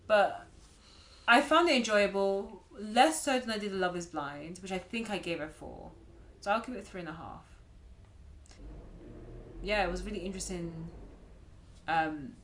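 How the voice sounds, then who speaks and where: A woman co-hosting a podcast in casual chat, giggly and chatty with soft trailing asides. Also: fairly low pitch, slight background noise. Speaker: podcast co-host.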